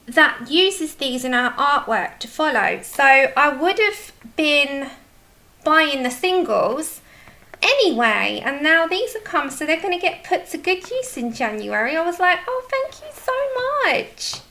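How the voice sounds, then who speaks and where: A chatty woman hosting a colouring livestream, with a high voice. She greets viewers by name and gushes over her art supplies, all in easy casual chat with a crisp, bright edge. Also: expressive, unhurried. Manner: effusive. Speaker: livestream host.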